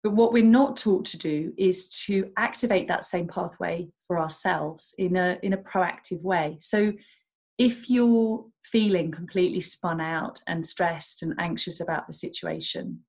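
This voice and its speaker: Woman on a podcast, lowish voice, calm gentle explainer, easy measured delivery. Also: poor audio. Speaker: guest, doctor and self-compassion coach. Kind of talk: podcast interview.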